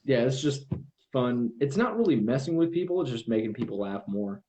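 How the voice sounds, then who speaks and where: A young man in casual chat as a podcast guest, telling animated stories and acting out the voices he quotes. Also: medium pitch, brisk.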